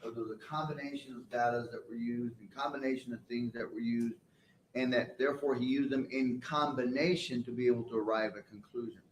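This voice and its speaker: A man presiding over a trial, speaking sternly in halting, rambling sentences. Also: medium pitch, fairly even intonation, slight background noise. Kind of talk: courtroom remarks. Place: courtroom. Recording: echoey room from far off.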